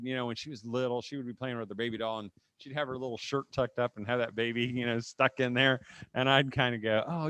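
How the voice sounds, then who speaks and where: A middle-aged man leads a live conference session. His voice sits mid-range, and the sound is dry, with no room echo. He talks in a lively, joking way, full of asides and quick restarts. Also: medium pitch, smooth. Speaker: homeschool conference speaker. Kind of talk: live seminar talk with humor, closing in prayer. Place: live session before an audience.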